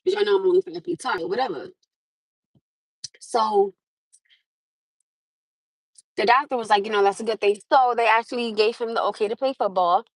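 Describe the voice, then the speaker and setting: A woman's voice: a little high, normal speed, pauses often, no echo, rough recording. A woman in her thirties hosting a livestream, telling a casual story to viewers with lots of laughter and swearing. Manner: animated, laughs often, swears. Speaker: livestream host.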